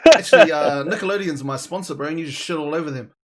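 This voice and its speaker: Man, New Zealand accent, stream host, jokey, says bro, high voice. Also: very fast, a loud crowd. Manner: joking and playful, says "bro" a lot. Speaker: livestream host. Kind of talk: casual interview chat.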